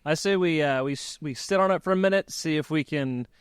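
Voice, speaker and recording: A man on a podcast roundtable speaks thoughtfully, pausing often to find his words. His voice is smooth and resonant, and it sounds dry and close to the mic. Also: on the high side, dry recording. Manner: thoughtful, hesitant, many "uh" pauses. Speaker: podcast co-host. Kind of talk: casual roundtable chat.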